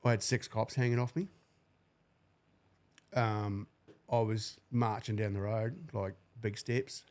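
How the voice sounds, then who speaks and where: Speaking slowly in a fairly low, somewhat mellow voice with fairly even intonation, a forties-aged New Zealander shares an emotional personal account as a podcast guest. He tells the painful story bluntly, swearing heavily throughout.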